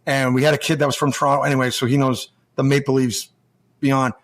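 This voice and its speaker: An American man spins long, loose stories in an easy, mid-pitched voice. He keeps stopping, restarting and acting out what other people said. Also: flat delivery, fast. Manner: rambling, full of restarts and acted-out quotes. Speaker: guest, former hockey player. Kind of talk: casual storytelling.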